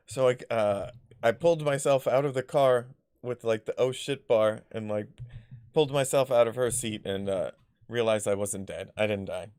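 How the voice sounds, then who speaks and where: A man's voice: on the low side, moderate pace, a little mellow, smooth, no room sound, studio quality. A man vlogging personal stories in a casual, rambling way, full of fillers, restarts and blunt swearing. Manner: rambling, filler-heavy, loses his thread.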